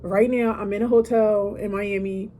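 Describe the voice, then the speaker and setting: Woman, 30s, mellow, casual gratitude monologue from a hotel room. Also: medium pitch, fairly even intonation, normal speed. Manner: emotional, preachy, asides like "listen" and "okay". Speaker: podcaster.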